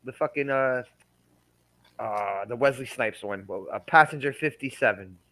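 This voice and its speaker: A man's voice: mid-range voice, moderate pace, a bit bright, poor audio. Man, podcast co-host, crude, rambling, laughing, casual movie chat.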